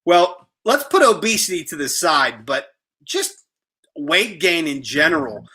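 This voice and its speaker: A man's voice: fairly high pitch, sing-song, unhurried, sharp tone, breathy edge. A man hosting an interview in a chatty, storytelling way, often repeating his words. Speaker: interview host. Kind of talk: casual interview chat.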